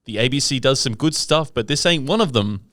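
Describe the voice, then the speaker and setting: A man's voice: medium pitch, expressive, brisk, fairly bright tone, dry recording, studio quality, lightly acted. A man putting on a Kiwi-accented dad reading his review. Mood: wry. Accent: New Zealand. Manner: mock-formal letter reading. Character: middle-aged male listener dad writing in. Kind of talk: reading a listener review aloud.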